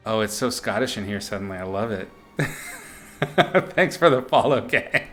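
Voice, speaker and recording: A man's voice: fairly low pitch, moderate pace, long pauses, a bit bright, faint music behind. A man chatting casually with his live-stream audience while he paints, playful and giggly, greeting viewers by name and making up silly words.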